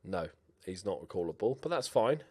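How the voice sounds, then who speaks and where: A man's voice: sits low, very animated, brisk, dark tone, husky. A young man with a Scouse accent giving chatty, cheeky commentary over a football management game, swearing now and then. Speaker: gaming YouTuber. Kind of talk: casual video game commentary.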